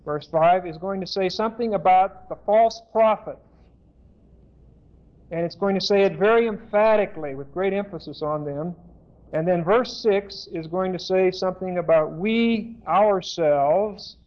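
A man giving a deliberate Bible lesson, spelling out Greek words and pausing to correct himself. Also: sits high. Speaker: Bible teacher. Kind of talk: slow expository Bible lesson. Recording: dull lo-fi sermon tape.

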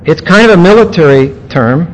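A male preacher giving an expository sermon, teaching word by word with emphatic pauses. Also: a little high, expressive, low-quality recording. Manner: teacherly, explaining grammar point by point with emphatic pauses.

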